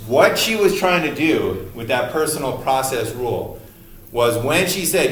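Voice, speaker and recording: A man's voice: medium pitch, expressive, measured pace. A man talks through a college psychology lecture in a loose, chatty way, full of fillers. The sound is very roomy and echoing, with the voice set back from the mic and a faint hiss behind it. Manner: casual, many fillers, recounts scenes with quoted lines. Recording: roomy echo, voice from a distance, faint noise.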